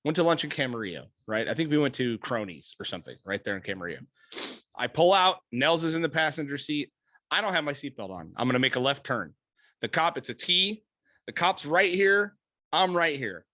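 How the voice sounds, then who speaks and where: A man on a podcast spins a story with a swooping, lively voice. His tone is bright and forceful. He swears freely, laughs often and acts out each person he quotes, close and dry on the mic. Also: on the high side, a little fast, no room sound. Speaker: podcast co-host. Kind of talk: casual storytelling chat. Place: podcast studio room.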